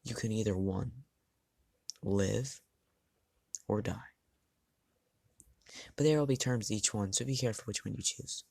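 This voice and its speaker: A man's voice: on the low side, unhurried, gravelly, pauses often, a little mellow, no room sound. Hesitant man improvising a fan story. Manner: hesitant, thinking aloud, frequent restarts.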